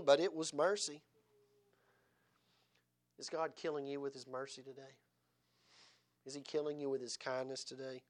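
A male pastor preaching a sermon, swinging dramatically between loud exhortation and hushed tenderness, with frequent chuckles. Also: mid-range voice, fairly even intonation, normal speed, pauses often.

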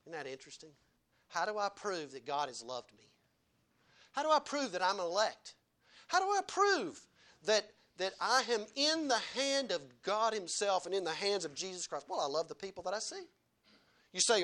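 A man's voice: high-pitched, big pitch swings, moderate pace, bright, forceful tone. A man preaching a sermon in church, emphatic and firing rhetorical questions at the congregation.

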